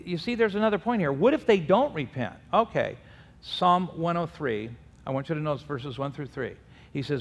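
A man preaching a sermon, reading scripture aloud and swinging between loud emphasis and quiet asides. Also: fairly high pitch, gravelly. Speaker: pastor. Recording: long hall reverb.

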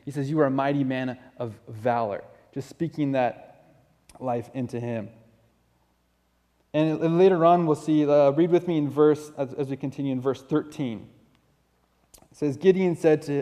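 A man's voice: medium pitch, mellow. Earnest male preacher in a reverberant hall. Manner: earnest, conversational, with frequent restarts. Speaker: pastor. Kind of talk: sermon. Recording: long reverb of a large hall.

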